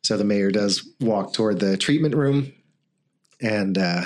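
Man, game master, low voice, halting narration. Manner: hesitant, many fillers.

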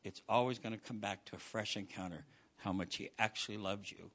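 A middle-aged man preaching a sermon, swinging from loud bursts down to hushed near-whispers. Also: lowish voice, fairly even intonation, fairly quick. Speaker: pastor.

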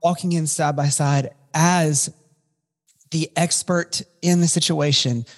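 Speaking slowly with a slightly high voice and fairly even intonation, a male podcast co-host rambles through a casual chat. He often restarts sentences and leans on "um" fillers, with long reverb trailing in the room.

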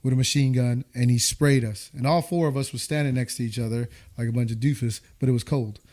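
His mid-range voice moves at a quick pace as this thirtysomething man from the U.S. casually shares a war story. He gets animated, acting out each voice he quotes.

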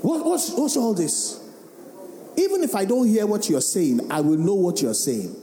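A man, a pastor giving an animated sermon and firing questions at the congregation. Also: high-pitched, normal speed, noisy background. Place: large worship hall. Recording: echoey hall with faint music.

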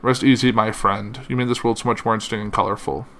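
A man reads a statement and a string of tributes aloud, his fairly low, fairly bright voice holding a steady tone. He halts often, filling gaps with "uh," stumbling and correcting himself. He is emotional and says it is hard to keep going.

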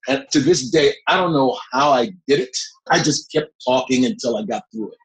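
A middle-aged man, a guest actor, telling a long behind-the-scenes story in a lively way, often breaking into laughs. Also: medium pitch, normal speed, few pauses, low-quality recording. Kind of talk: anecdotal storytelling.

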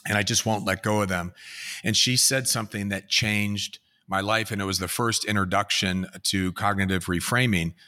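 A middle-aged man, a podcast guest, speaking in a gentle, measured way with halting pauses. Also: on the low side, steady tone. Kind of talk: conversational podcast talk.

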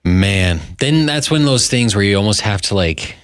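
A man's voice: on the low side, lively intonation, moderate pace, no echo, studio quality. A man, co-hosting a podcast with wry, casual jokes. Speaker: radio and podcast co-host. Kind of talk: casual banter.

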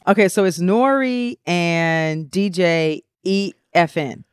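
A woman co-hosting a podcast, telling a story in a casual, animated way. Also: fairly low pitch, slow pace, smooth, no room sound, studio quality. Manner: animated storyteller, laughs easily. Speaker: podcast co-host. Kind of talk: casual chat.

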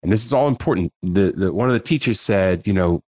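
Deep-voiced man, lively storyteller. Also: a little fast, no room sound, studio quality. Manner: animated storyteller, acts out dialogue. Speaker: guest. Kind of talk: casual interview storytelling.

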